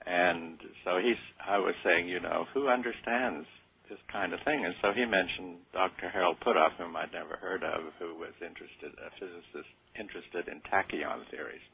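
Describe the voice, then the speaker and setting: A deep, gravelly voice of an older man, answering interview questions in a modest, halting way. His voice is husky and sounds thin, as if heard over a phone line. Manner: hesitant, modest, with many fillers. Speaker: interview guest. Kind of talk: radio interview. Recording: tinny phone-like radio sound.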